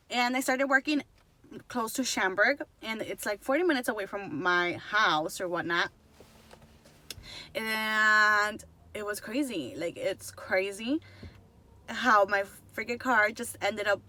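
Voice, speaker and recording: A young woman in her twenties telling a story to the camera, chatty and fast, slipping between Spanish and English. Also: medium pitch, pushed and bright. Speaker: vlogger.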